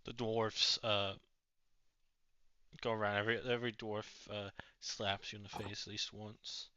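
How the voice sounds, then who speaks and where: A man narrating a tabletop game as game master, halting with many fillers. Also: on the low side, level tone, pushed and bright, clean tone, no echo. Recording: dull, dry lo-fi audio.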